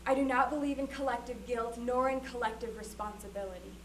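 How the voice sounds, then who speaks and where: A woman's voice: a little high, steady tone, fairly quick, slight background noise, poor audio. A woman giving an impassioned, solemn recitation of a formal speech. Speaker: performer.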